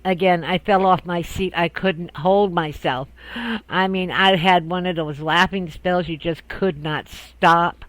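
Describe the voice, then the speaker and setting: An older man recounts a family memory in a loose, rambling way, often breaking into laughter. His voice sits high for a man. The sound is close and dry. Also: fairly even intonation, measured pace, a bit bright, no room sound, low-quality recording. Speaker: storyteller. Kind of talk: casual personal storytelling.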